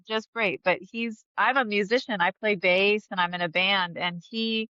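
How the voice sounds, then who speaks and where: A woman's voice: mid-range voice, fairly even intonation, moderate pace, pushed and bright, clean tone, no room sound, muffled recording. A woman guest talking openly in an interview, chatty, laughing often and restarting her sentences. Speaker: podcast guest. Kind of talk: candid conversational interview.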